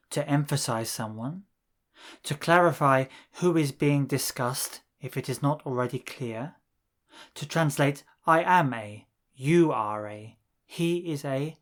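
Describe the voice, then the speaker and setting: A man teaching a scripted language lesson, saying phrases slowly and deliberately and pausing so the listener can repeat them. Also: mid-range voice. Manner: slow, deliberate drilling with pauses for repetition.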